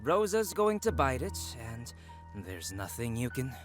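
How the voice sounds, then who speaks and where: A sneering, greedy male schemer in a video game. His pitch swoops widely as he mocks, and he drawls his words slowly. Faint music sits behind him. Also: big pitch swings. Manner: sneering, mocking. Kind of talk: game voice acting.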